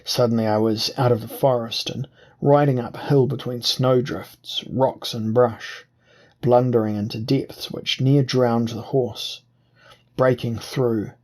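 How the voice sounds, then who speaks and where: A man narrating an audiobook in a measured, deliberate reading. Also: medium pitch, steady tone, darkish tone. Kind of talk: scripted narration.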